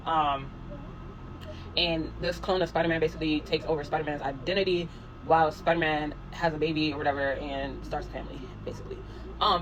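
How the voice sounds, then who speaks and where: A man giving a casual spoken review of a show, rambling in a relaxed, slangy way and filling pauses with "um" and "like". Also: fairly high pitch, rough recording. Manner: rambling, filler-heavy, with frequent "um" and "like"; slangy and laid-back.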